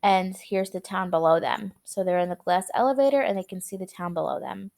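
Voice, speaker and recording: A woman's voice: mid-range voice, brisk, gravelly, a little mellow. A young woman teacher reading a chapter aloud to her students and explaining words in a casual, chatty way.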